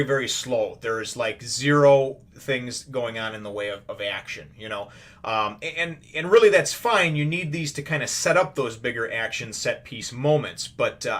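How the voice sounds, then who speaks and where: A man's voice: medium pitch, a bit bright. A man hosting a casual anime review, recapping an episode in a rambling, conversational way with occasional swearing. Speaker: anime reviewer, show host.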